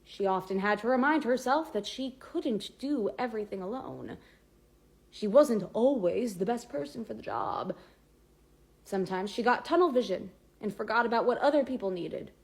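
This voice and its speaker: Husky woman reading a story aloud. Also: on the high side. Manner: dramatic, varied pacing. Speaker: audiobook reader. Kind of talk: expressive book narration.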